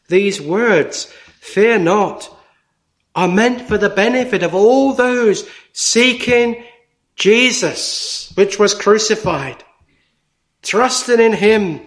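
Slow, high-voiced male preacher. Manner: slow, deliberate preaching with emphatic pauses. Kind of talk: sermon.

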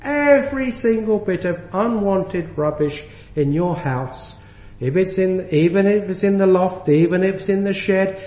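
A man preaching a sermon in earnest, slowing down to stress key words. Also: sits high, a little mellow, reverberant.

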